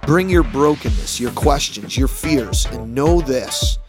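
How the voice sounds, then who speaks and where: A man who is a pastor, giving an earnest sermon summary for a podcast, slowing and dropping his voice on key words. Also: animated, music in the background. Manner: earnest, dramatic pauses, drops low on key words. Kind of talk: short recorded sermon summary.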